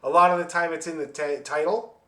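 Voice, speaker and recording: A man teaching a fiddle class over a video call, explaining rhythm in a friendly, joking way and singing the beats out loud. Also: on the high side, fairly even intonation, a little fast, reverberant. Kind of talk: online music lesson, explaining and demonstrating.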